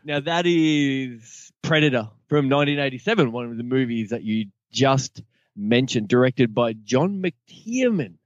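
A man's voice: mid-range voice, lively intonation, unhurried, no echo, highs cut off. A man co-hosting a podcast, eager and agreeable in casual chat. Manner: eager, agreeable, laughing along. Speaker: podcast co-host.

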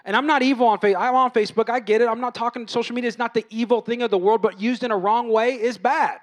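A man in his thirties with a notably high voice preaches a sermon in a loose, chatty way. He restarts phrases, jokes about home life and acts out voices as he goes. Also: fast talker. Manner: conversational, animated, acts out quoted voices. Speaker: pastor.

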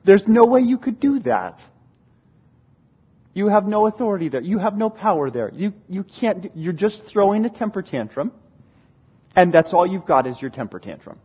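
A male pastor preaching a sermon in an animated way, laughing often and acting out the voices he quotes. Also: sits high, normal speed, slightly rough, lo-fi sound.

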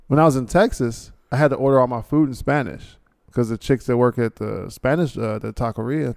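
A man's voice: medium pitch, a little fast, hardly any pauses, a little mellow, no room sound, clean studio sound. A man in his thirties hosting a podcast, talking in a laid-back, rambling, slangy way and laughing often. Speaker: podcast host. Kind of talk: casual chat.

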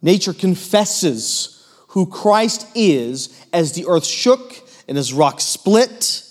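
A male pastor delivers a sermon in a voice pitched a little above most men's. He is earnest, pressing hard on key points and then sinking to near-hushed tones, and he stumbles over fillers as he explains. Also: very animated, slow.

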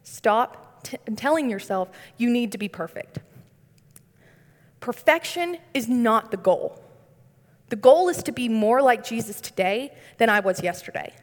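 A young woman with a slightly high voice delivers a conversational sermon. She stays earnest and drops in light humorous asides. A long reverb tail hangs on her voice. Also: expressive, a little slow. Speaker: speaker giving a devotional.

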